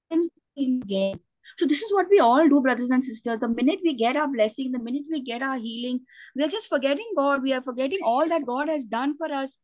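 A woman's voice: high voice, a little mellow, no room sound. An Indian woman preaching a sermon, earnest, often restarting her sentences with fillers. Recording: dull lo-fi, dry sound.

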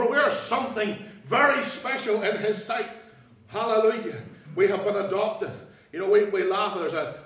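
A man preaching an emphatic sermon in a high, ringing voice. He swings between loud declarations and hushed asides. He is picked up from a distance, with heavy echo off the church walls. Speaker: pastor. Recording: echoey church hall, mic at a distance.

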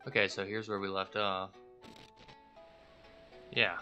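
A man's voice: lowish voice, flat delivery, takes it slowly, pushed and bright, soft background music. A man hosting a let's play, casually reacting and reading game text aloud. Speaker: gaming channel host.

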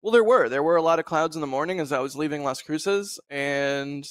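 Relaxed rambling man on a dry video call. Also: a little high, brisk, clean tone, no echo. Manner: relaxed, rambling, laughs often. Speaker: host. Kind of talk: casual live-stream chat.

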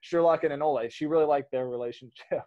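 Brief: male host, slightly higher voice, loose and animated, laughs easily, casual movie chat. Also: fast, muffled recording. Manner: animated, laughs often, trails off and restarts. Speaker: podcast host.

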